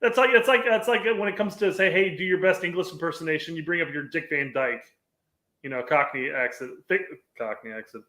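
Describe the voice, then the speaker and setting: A man's voice: on the high side, a little fast, bright, forceful tone. Chatty man in an echoey room. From United States. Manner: chatty, repeats words while thinking. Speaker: podcast co-host. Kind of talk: casual sports chat. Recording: roomy echo.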